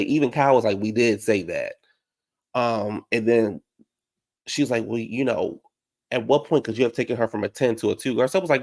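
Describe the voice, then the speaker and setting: Chatting through a reality show recap, this man has a gravelly, fry-tinged voice that's fairly quick and a little mellow. He's sassy, dramatic and heavy on slang, often leaping into high, mocking put-on voices to quote people.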